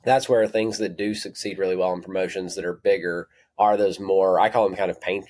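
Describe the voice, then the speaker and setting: Southern man, low voice, rambling shop owner guest on a podcast. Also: fairly even intonation, a little fast, darkish tone. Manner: rambling, self-correcting, apologetic asides. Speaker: natural products retailer, guest. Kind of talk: conversational podcast interview.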